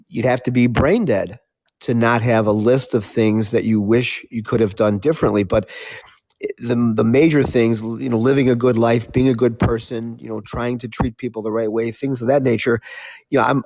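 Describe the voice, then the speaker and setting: Older guy thinking out loud, slow restarts, mid-pitch voice, dry sound. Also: no echo. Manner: measured, thoughtful, halting restarts. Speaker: talk show speaker. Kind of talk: reflective casual talk.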